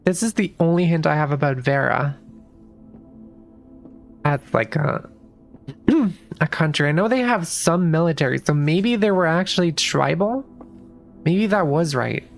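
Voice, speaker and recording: Low-pitched woman streamer mumbling through puzzle moves, soft music behind. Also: expressive, a little slow, vocal fry, pauses often. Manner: thinks aloud, restarts sentences, swears casually. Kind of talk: casual gameplay commentary.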